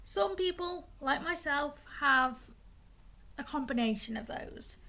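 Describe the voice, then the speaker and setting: High-voiced young woman with gravelly fry. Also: expressive, slow, sharp tone. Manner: chatty, stumbles and restarts on words. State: has the hiccups. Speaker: vlogger. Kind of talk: casual explainer talk.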